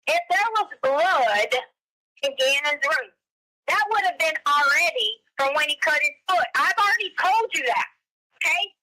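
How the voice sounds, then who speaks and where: A woman's voice: sits high, lively intonation, normal speed, bright, forceful tone. A woman on a phone call, answering accusations in a defensive, curt way.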